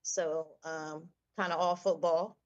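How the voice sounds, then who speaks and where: A woman co-hosting an internet radio show, talking in a relaxed, chatty way about everyday topics and sports. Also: deep voice, takes it slowly, lo-fi sound. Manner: easygoing, chatty, sports fan talk. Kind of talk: casual chat.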